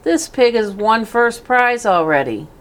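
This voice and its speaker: A woman voicing an excited young farm boy calling out. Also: on the high side, unhurried, pitched above the performer's own voice.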